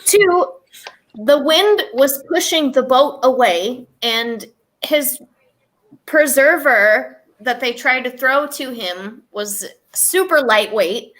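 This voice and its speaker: Woman, podcast co-host, high voice, very animated, rambling storytelling. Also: takes it slowly. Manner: rambling, many fillers and restarts. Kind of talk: casual chat, storytelling.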